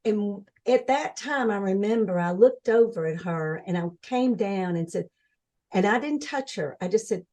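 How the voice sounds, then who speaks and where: An older woman as an interview guest, telling her story in an earnest, animated way and acting out what others said. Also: medium pitch, moderate pace. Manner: earnest, animated storytelling, acts out quoted voices. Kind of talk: conversational interview.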